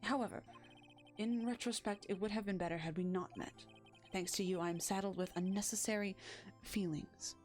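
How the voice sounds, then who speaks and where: A woman voicing a cold, formal young male prosecutor in a game, speaking curtly and lowering her voice. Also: fairly even intonation, normal speed, darkish tone, faint music behind, close to an everyday voice. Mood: cold, stern. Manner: formal, curt, aloof.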